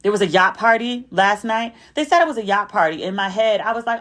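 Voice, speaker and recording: A woman's voice: mid-range voice, a little fast. Chatty woman podcast host recapping. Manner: chatty, animated retelling with asides to listeners. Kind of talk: casual storytelling recap.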